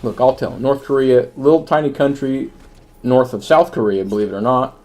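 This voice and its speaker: A man's voice: medium pitch, brisk, a little mellow. A man hosting comedic gaming banter, teasing and explaining in a wry way. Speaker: host.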